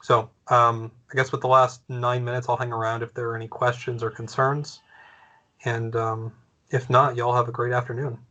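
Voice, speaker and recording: A man presenting an online training on a video call, relaxed and friendly, losing his voice. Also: medium pitch, normal speed.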